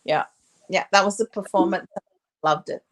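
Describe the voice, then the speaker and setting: A woman's voice: medium pitch, steady tone, moderate pace. A woman co-hosting a casual holiday chat over a video call, encouraging and cheering the other host on.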